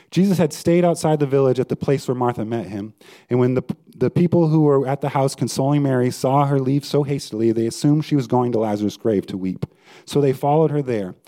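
This is a man's warm, mid-range voice. He's a pastor giving a sermon in a chatty, conversational way and putting questions to the congregation.

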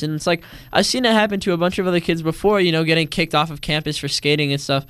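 Teenage boy, earnest and indignant storytelling, smooth clear voice, fairly high, dry close sound. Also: fast talker, hardly any pauses, a bit bright, no room sound. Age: teens. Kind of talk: personal storytelling monologue.

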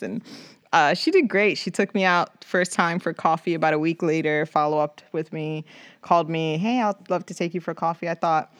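A woman from the Bronx, in her thirties, tells a personal story as a podcast guest. Her voice sits fairly low, and she jumps up high whenever she acts out what someone said. The recording is close and dry. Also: no room sound. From the Bronx, New York. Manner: animated, acts out quoted voices with big pitch jumps.

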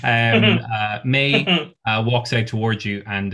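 A male game master narrating a tabletop role-playing session in a relaxed, swearing way. He pauses often with fillers as he pictures the scene, in a mid-pitched voice. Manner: casual, swearing, many fillers.

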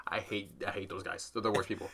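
A man's voice: on the low side, level tone, quick pace, bright, forceful tone. A young man co-hosting a casual podcast, laid-back and swearing freely. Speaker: podcast co-host.

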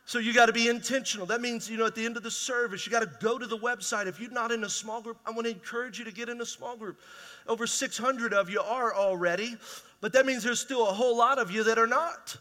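A man's voice: extremely high pitch, fairly even intonation, quick pace, pushed and bright. A man preaching a conversational, emphatic sermon as pastor in a large church hall.

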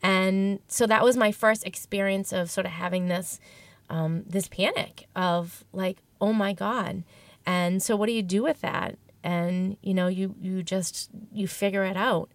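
Woman interview guest, middle pitch, candid and reflective, dry close recording. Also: fairly even intonation, a little slow, dry recording. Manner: reflective, emotional, with frequent restarts. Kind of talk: candid personal storytelling.

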